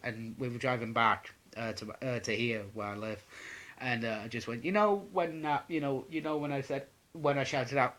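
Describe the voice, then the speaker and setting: A young vlogger fields questions from viewers in a loose, sweary, rambling way, with plenty of fillers like "um." He speaks at normal speed in a mid-range, slightly bright voice with fairly even intonation.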